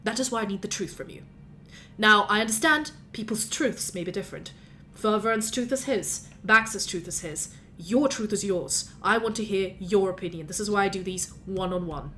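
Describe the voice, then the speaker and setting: A man's voice: high voice, normal speed, sharp tone, a little hiss or hum. A man voicing a stern, professional male lawyer who speaks in clipped, formal sentences.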